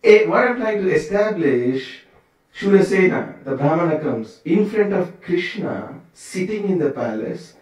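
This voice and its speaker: A man's voice: high-pitched, animated, unhurried, darkish tone. Brief: male temple speaker, chatty scripture class; distant mic, very echoey hall. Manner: conversational, digressive, full of rhetorical questions. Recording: very echoey room, from far off.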